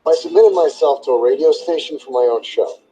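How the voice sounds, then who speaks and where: A man's voice: on the high side, lively intonation, a little fast, mellow, a little hiss or hum, close to an everyday voice, rough recording. An actor playing a frustrated man who wants his own radio show, in a film trailer, with a wry comic delivery. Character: grown man, frustrated would-be radio host. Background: film trailer music.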